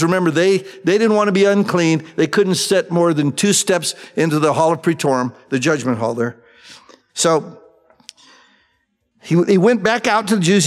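A middle-aged male pastor teaching through the Bible verse by verse in a relaxed, conversational way, mixing in personal stories. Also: sits high. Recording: long hall reverb.

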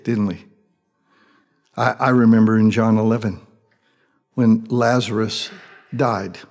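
A man's voice: medium pitch, slightly rough. Preaching man in a reverberant hall. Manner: swings from loud urgent preaching to hushed tender speech. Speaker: pastor. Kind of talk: sermon.

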